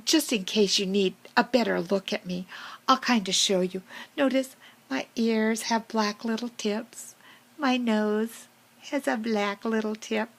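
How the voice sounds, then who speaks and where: A friendly but vain female fox, played by a woman tells a storybook tale to children in a whispered role-play. Her voice is husky and gravelly, and she talks at an unhurried pace. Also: a little high, fairly even intonation, low-quality recording. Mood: proud, playful. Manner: slow, breathy storytelling to children.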